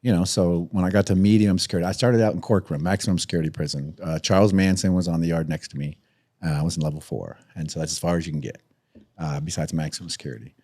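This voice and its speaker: A man telling a story as a podcast guest, animated, swearing freely and laughing through it, jumping up in pitch when acting out other people. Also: quick pace.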